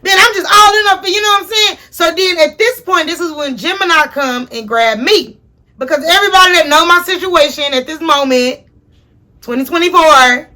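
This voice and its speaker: Young woman vlogger, high bright voice, animated and profane, chatting to her viewers. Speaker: storyteller host. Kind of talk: casual storytime vlog.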